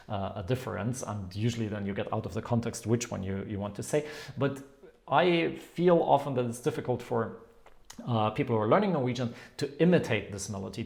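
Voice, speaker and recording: A man teaching in an explanatory video lesson, demonstrating sounds and tones in a lively way. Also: medium pitch, vocal fry. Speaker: language teacher.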